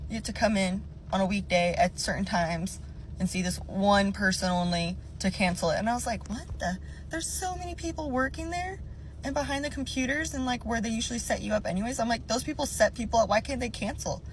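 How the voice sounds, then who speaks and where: A woman's voice: a little high, fairly quick, slight background noise. A woman venting as a casual rant from her car, exasperated and profane, mocking what the staff told her. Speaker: gym member venting.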